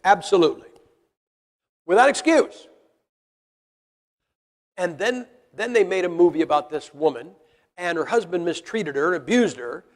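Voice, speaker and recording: Speaking at a moderate pace and pausing often, a man with a voice that sits high preaches in an animated way. He is blunt and folksy with a church hall congregation, firing rhetorical questions at them. The audio has the long reverb of a big hall.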